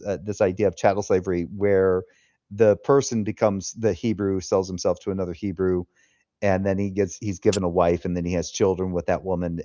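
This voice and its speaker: A man hosting a casual live stream, an animated storyteller who acts out the quotes he tells, talking into a headset. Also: low voice, dry recording. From California. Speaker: host. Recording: dull dry headset sound.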